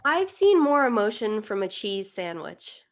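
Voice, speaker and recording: A young woman co-hosting a casual podcast, speaking at an average pitch. She chimes in with short, joking remarks and laughs easily along with her co-host. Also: very animated. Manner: quick joking asides, laughs often. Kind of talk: casual chat.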